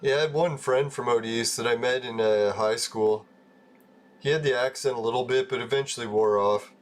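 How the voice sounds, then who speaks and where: A man's voice: medium pitch, steady tone, moderate pace. A man hosting a live game stream, chatting casually with viewers, chuckling often and swearing offhandedly. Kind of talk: casual live-stream chat while gaming.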